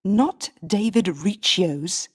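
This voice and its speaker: A woman's voice: medium pitch, lively intonation, very slow, husky, exaggerated voice. A woman voicing a mocking, jealous young husband in a storybook reading. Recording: long reverb.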